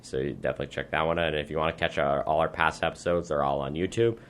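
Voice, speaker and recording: A man's voice: rumbling low, steady tone, racing, a bit bright, a little hiss or hum. A young man hosting a casual sports talk show from a small studio, running through the picks and sign-offs. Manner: runs the segment, lists picks and sign-offs. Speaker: host.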